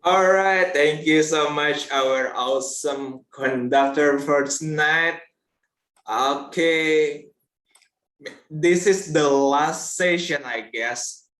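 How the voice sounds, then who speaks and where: Male class host, slow relaxed delivery, echoey home-room sound. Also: fairly high pitch. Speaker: host of an online English class. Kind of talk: hosting a live online session.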